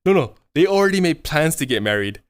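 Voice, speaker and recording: A man's voice: a little high, big pitch swings, fast talker, clear, resonant tone, no room sound. A man in his thirties streaming, telling a rambling story with lots of swearing and "right?" fillers. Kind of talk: casual storytelling chat.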